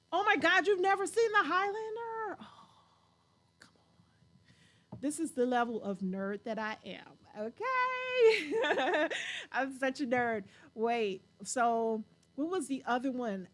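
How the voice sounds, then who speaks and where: A woman hosting a show, chatting casually in an animated way and laughing often. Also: a little high. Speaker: show host. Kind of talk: casual chat.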